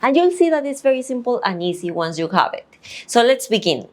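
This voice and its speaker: A woman whose first language is Spanish teaches an online language lesson, repeating each example slowly and deliberately. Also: fairly high pitch, big pitch swings.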